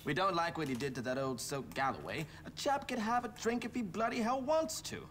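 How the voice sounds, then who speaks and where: An actor playing a snobbish, affected rich preppy schoolboy in video game dialogue, with a haughty put-on English drawl. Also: male voice, high-pitched, animated, fairly quick, fairly bright tone, slight background noise. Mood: smug.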